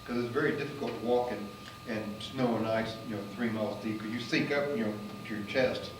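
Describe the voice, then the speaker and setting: A man from the United States, a magician and comedian, casually telling a travel story in a rambling way full of fillers, getting animated at the exciting parts. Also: medium pitch, brisk. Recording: roomy and distant with faint noise.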